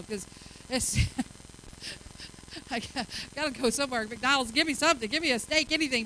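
A woman delivering a sermon in a high, bright voice, moving from easy conversational storytelling into loud, fervent proclamation. Faint background noise sits under her voice. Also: rough recording. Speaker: preacher.

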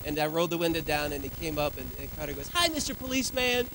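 A man in his thirties preaching a sermon in a church, telling lively stories about his family. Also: a little high, rapid-fire, background noise. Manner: lively storytelling with family anecdotes. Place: church sanctuary.

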